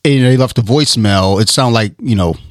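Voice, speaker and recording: A man's voice: medium pitch, brisk, no room sound, studio quality. A man telling a rambling, profane story in casual podcast chat. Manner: laid-back, rambling, profane.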